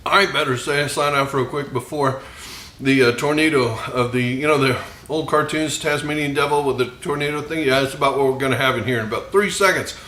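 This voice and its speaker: In an echoey room, a man presenting his own cooking video talks in a medium-pitched voice that sounds pushed and bright. He fries food while chatting casually, joking at his own expense and laughing quickly.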